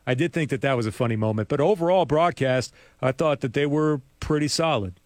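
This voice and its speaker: A man's voice: medium pitch, brisk, darkish tone, no echo, studio quality. A man co-hosting a sports talk show, chatting casually with rambling asides and frequent laughs. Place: radio studio.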